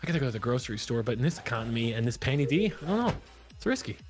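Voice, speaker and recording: A man streaming a game, chatting casually in a rambling, animated way with music behind. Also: medium pitch, racing. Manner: animated, rambling, laughs often. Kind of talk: casual gaming chat.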